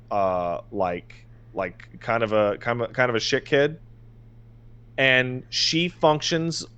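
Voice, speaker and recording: A man on a podcast rambles through a story, worked up and exasperated. He trips over his own words, restarts sentences and swears freely. His voice sits at an ordinary middle pitch. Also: a bit bright, clear, resonant tone. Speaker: podcast co-host. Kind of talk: casual chat.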